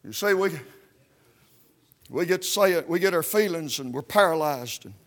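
A man preaching a revival sermon in a Baptist church, fervent and peppered with "uh, uh" as he builds toward shouts. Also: fairly high pitch, lively intonation, moderate pace.

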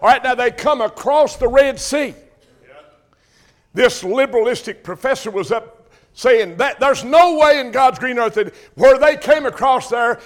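An older man preaching a folksy sermon, calling questions out to his congregation. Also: extremely high pitch.

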